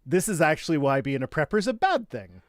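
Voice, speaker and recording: Sarcastic, animated man with dry sound. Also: on the high side, quick pace, dry recording. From Canada. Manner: sarcastic, animated storytelling with frequent restarts. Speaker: podcast host. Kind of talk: casual chat reacting to tweets.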